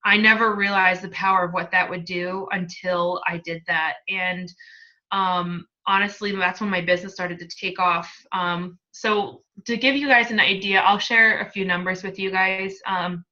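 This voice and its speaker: Bright, chatty woman sharing her story. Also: lowish voice, fairly even intonation, moderate pace, lo-fi sound. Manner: talkative, emotional, laughs often. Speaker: fitness coach, guest. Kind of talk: candid testimonial talk.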